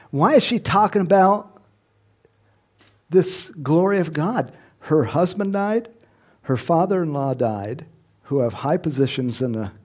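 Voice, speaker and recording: A man's voice: fairly high pitch, a little mellow, slightly rough. A middle-aged man preaching a sermon in a conversational way, chuckling often and rising to emphatic questions. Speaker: pastor.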